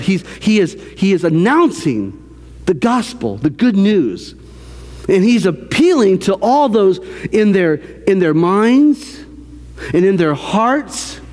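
A man preaching a sermon as a church pastor, animated, with repeated phrases and restarts. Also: high voice, big-room sound. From American South. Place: church sanctuary.

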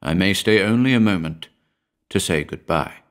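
A man voicing a cold, soft-spoken young woman's ghost who speaks in a hushed tone in a storybook reading. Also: low-pitched, lively intonation, normal speed. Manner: hushed, quiet.

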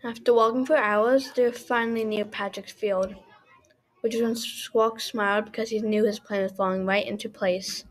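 A woman narrating children's stories aloud in an animated reading voice. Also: medium pitch, moderate pace, faint music behind. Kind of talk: storybook reading.

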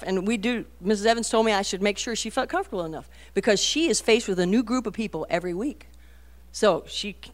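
A middle-aged woman giving a folksy, animated talk to a women's meeting, storytelling with many asides. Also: medium pitch. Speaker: Christian women's speaker.

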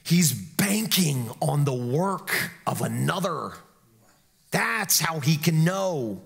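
A man preaching a sermon with earnest emphasis and a somewhat high voice. He swings between hushed, intimate lines and raised, urgent ones. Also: animated, takes it slowly, gravelly. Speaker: pastor.

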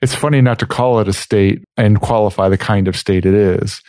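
A man's voice: fairly low pitch, a little fast, darkish tone, no room sound. A man co-hosting a podcast, raising thoughtful, probing questions about a philosophy text. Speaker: podcast co-host. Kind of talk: casual philosophy discussion.

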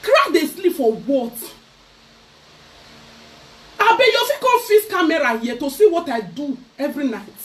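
A Nigerian woman vlogger ranting loudly to camera in a mocking, scolding way. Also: high-pitched, very animated, unhurried, long pauses. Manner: loud, mocking, switching into Pidgin. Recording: voice a bit far from the mic.

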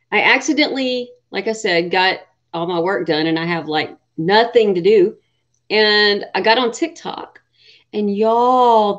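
Middle-aged woman host, casual livestream chat, cusses a lot, dull lo-fi sound. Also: mid-range voice. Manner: chatty, swears freely, laughs often. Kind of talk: casual live chat with viewers.

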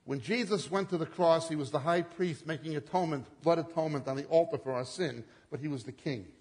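A man preaching a sermon, swinging between loud emphatic peaks and low quiet drops, acting out the quoted lines. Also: brisk, husky. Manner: dramatic swings in pitch and loudness, acting out quotes. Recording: long hall reverb.

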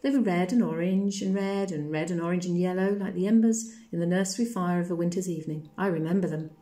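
A woman's voice: on the low side, animated, a little fast, warm tone, natural voice. A woman voicing a forlorn ghost child from long ago, who believes he was once a boy, in old-fashioned, wistful speech.

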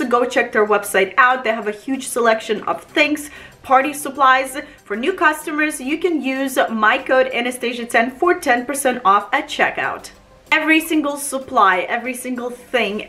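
High-voiced woman hosting a craft tutorial. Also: pushed and bright. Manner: upbeat, addresses viewers directly, lists supplies. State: sick, voice may crack and sound raspy. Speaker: balloon decorating tutorial host. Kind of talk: casual tutorial narration.

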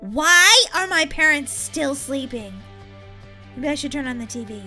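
A woman voicing Molly, an excitable young girl in a game role-play, chatty and giggly, talking to herself. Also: sits high, a little slow, music in the background. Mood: excited. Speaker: roleplay gamer.

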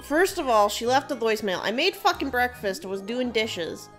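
A woman's voice: fairly high pitch, moderate pace, soft background music. A young woman co-hosting a let's play, chatting casually and telling stories with a lot of swearing. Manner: swears a lot, animated storytelling. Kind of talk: casual gameplay chat.

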